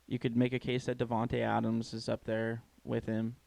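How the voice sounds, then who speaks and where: A man on a podcast venting his opinions in casual, profanity-laced chat. His voice sits at a middling pitch and is recorded close and dry, with no room sound. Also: completely flat delivery, normal speed, creaky, a little mellow, dry recording. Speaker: podcast co-host.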